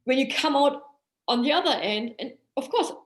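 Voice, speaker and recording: A woman's voice: high voice, lively intonation, moderate pace. Woman therapist, echoey room. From Germany. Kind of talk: casual podcast conversation.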